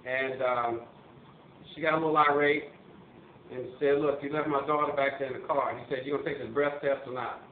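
Older retired cop from Missouri, tinny. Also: male voice, a little high, a little hiss or hum. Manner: halting, many fillers and restarts. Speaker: retired police officer. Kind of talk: casual storytelling monologue. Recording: tinny phone-like line, roomy echo.

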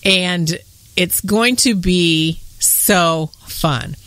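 A woman with a Southern US accent hosting a faith podcast in casual chat, bubbly and quick to laugh. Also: on the low side, no room sound. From northern US. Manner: bubbly, laughs often, whoops with excitement. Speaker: podcast host.

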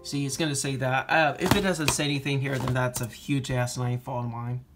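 A man giving casual commentary while demoing phone hacks, rambling and profane, quick to blow up into shouting. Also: medium pitch, steady tone, loud music behind the voice. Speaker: iPhone jailbreak tinkerer. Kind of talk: casual screen demo commentary.

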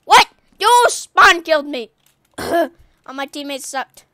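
A woman giving excited gaming commentary as a YouTuber, trash-talking playfully with loud outbursts. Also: high voice, slow pace, no echo, clean studio sound.

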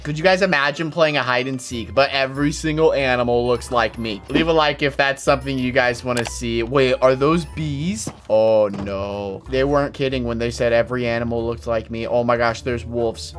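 A young man giving energetic gameplay commentary as a YouTube host, excitable and quick to laugh and shout in mock horror. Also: medium pitch. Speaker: gaming YouTuber. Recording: faint music behind.

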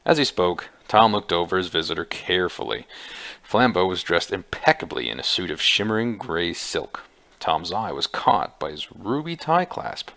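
Deep gravelly man reading a book aloud. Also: sing-song, normal speed, pushed and bright. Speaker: audiobook reader. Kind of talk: amateur audiobook reading.

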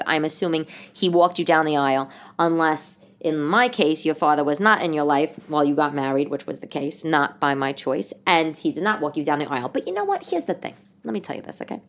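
A woman, telling comic stories in a loose, chatty monologue full of asides. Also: on the low side. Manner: chatty, animated, many restarts and asides. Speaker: podcast host, stand-up comedian. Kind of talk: casual comedic monologue.

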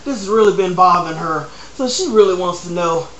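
A man doing an impression of an older male talk-show host speaking in a low, measured voice. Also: fairly bright tone, dull audio, slight background noise. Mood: calm. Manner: low, slow, mock-authoritative. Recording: roomy echo.

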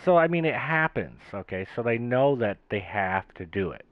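A man hosting a gaming channel, chatting casually and telling rambling, animated stories. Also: medium pitch, moderate pace, a little hiss or hum. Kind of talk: casual chat while gaming. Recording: dull lo-fi voice chat.

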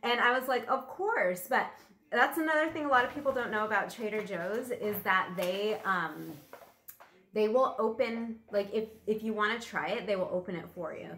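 A woman's voice: mid-range voice, moderate pace, a bit bright, slight background noise. A middle-aged woman chatting casually as she opens a pack, rambling and easily amused. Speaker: vlogger. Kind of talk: casual chat while unboxing. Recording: roomy echo, faint music behind.

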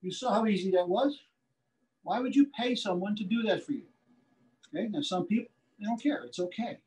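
A man's voice: sits high, lively intonation, fairly quick, long pauses, darkish tone, low-quality recording. A man giving a live butchery demonstration, folksy and repetitive, punching key points and checking in with "okay?". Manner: folksy, repeats himself, asks "okay?" often. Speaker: butcher instructor.

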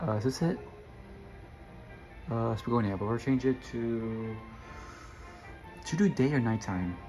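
A man's voice: mid-range voice, expressive, unhurried, warm tone, faint music behind. A young man giving casual, rambling gameplay commentary and chatting to his viewers. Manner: rambling, self-correcting, addresses viewers. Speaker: gamer.

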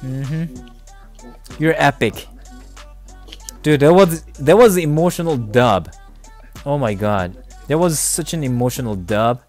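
Young male streamer, excitable casual commentary, mid-pitched voice, faint game music underneath. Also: takes it slowly, long pauses. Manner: excitable, chatty, laughs often, swings from mumbling to loud cheering. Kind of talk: casual live gameplay commentary.

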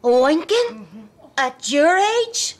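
A nosy, scandalised Derry aunt. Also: female voice, fairly high pitch, big pitch swings, measured pace, exaggerated voice. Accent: Derry, Northern Irish. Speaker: aunt in a sitcom. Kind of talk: sitcom acting. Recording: TV audio with clear background noise.

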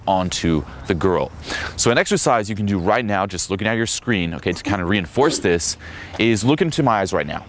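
A man's voice: sits low, a little hiss or hum. A young man giving a casual dating-coach talk outdoors, swearing freely, full of fillers and acted-out quotes.

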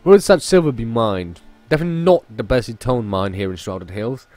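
A man voices a boastful merchant of rare oddities in a grandiose, theatrical style, using a put-on Italian accent that occasionally slips and stumbles as he refers to himself in the third person. His voice is medium-pitched, expressive, brisk and darkish in tone, natural, and recorded dry.

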